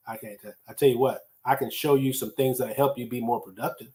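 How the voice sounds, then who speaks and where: Male host, mid-pitch, casual motivational talker who drives points home through repetition. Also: fairly even intonation, fast talker, mellow. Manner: conversational, emphatic, repeats key phrases for effect. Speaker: podcast host teaching time management. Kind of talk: solo motivational teaching talk.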